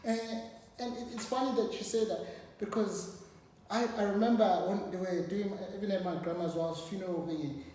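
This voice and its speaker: A man's voice: high voice, steady tone, a little fast, warm tone. Distant man with a slight London accent. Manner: encouraging, affirming with frequent yeahs. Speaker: guest. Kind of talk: casual conversation. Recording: distant, echoey room with long reverb.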